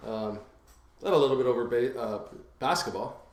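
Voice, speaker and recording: A man hosting a casual podcast who talks in a relaxed, rambling way full of "um" and "uh". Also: mid-range voice, normal speed, echoey room. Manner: relaxed, rambling, lots of fillers. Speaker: podcast host.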